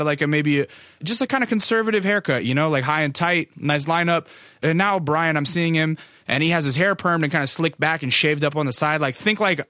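A man's voice: fairly high pitch, pushed and bright, no echo, studio quality. Young man telling a rambling story. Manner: rambling, profane, heavy on "like" fillers. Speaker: photographer. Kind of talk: casual storytelling.

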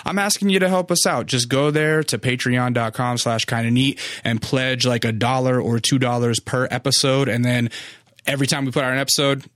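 A man's voice: medium pitch, fairly even intonation, a little fast, fairly bright tone, no room sound, studio quality. A young man hosting his own podcast, telling a story in a rambling, casual way with lots of swearing and "like". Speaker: podcast host.

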